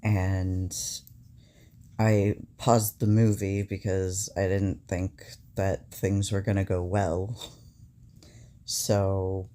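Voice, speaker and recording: A young man recounting a stressful personal event in a halting, casual way, with many fillers. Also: low voice, level tone, mellow.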